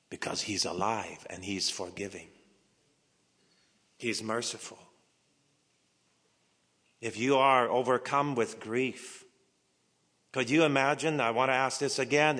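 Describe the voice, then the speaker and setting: A male pastor preaching a sermon with dramatic delivery, dropping to hushed whispers and rising to emphatic peaks, slow and deliberate with repeated phrases. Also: medium pitch. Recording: long hall reverb.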